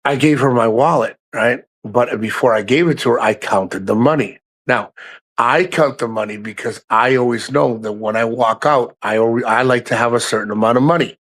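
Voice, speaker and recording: A man hosts a casual livestream, speaking frankly to his chat, swearing often and drifting into rambling asides. His mid-range voice is a bit bright at a moderate pace.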